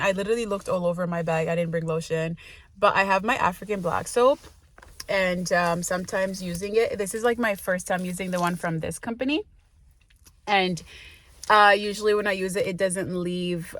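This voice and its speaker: A woman in her late twenties talking casually in a vlog, rambling with lots of fillers and laughs. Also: on the low side. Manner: munching while talking. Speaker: vlogger.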